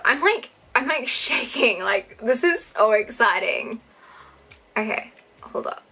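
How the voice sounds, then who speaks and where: A young woman with a New Zealand accent gushing excitedly through an unboxing vlog. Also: on the high side, a little slow. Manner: gushing, excitable, gasping and squealing. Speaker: YouTuber.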